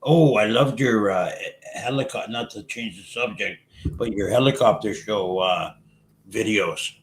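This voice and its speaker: Low-voiced agreeable man, faint noise. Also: measured pace. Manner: brief, agreeable replies. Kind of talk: casual chat.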